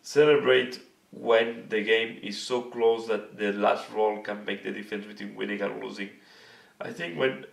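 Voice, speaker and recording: A hoarse man hosting a hobby video channel, talking casually and earnestly to camera and searching for his words. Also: on the low side, steady tone, normal speed. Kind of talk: casual vlog talk to camera. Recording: echoey room, mic at a distance.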